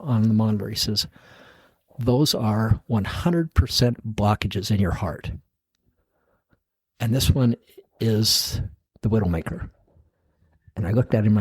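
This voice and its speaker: A man's voice: on the low side, slightly rough, no echo. A middle-aged man, a podcast guest, tells his own story in casual talk, acting out the voices of the people in it and chuckling at himself.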